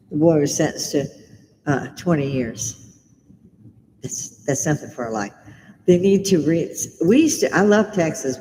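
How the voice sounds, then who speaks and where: A woman's voice: low-pitched, a little mellow. Middle-aged british-born woman ranting and cursing on a live stream, roomy reverb, bit of hiss behind her. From Britain. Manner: blunt, swearing, ranting. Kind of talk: casual livestream chat. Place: home bar.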